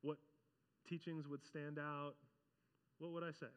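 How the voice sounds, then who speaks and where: A man preaching a conversational sermon as pastor, animated and often acting out the voices he quotes. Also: fairly high pitch, measured pace, clear, resonant tone, long reverb tail.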